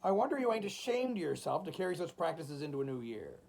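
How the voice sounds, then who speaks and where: A man reading the part of a stout, hard-hearted shopkeeper landlord who threatens in a soft voice. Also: a little high, big pitch swings, quick pace, creaky, heavily acted. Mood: threatening. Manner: speaks softly, menacing.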